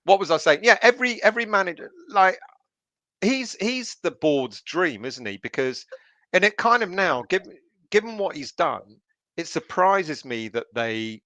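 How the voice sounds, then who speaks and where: A male guest in casual, animated football chat over a video call, often restarting his sentences. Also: sits high, moderate pace, no room sound. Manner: animated, interrupts himself with restarts.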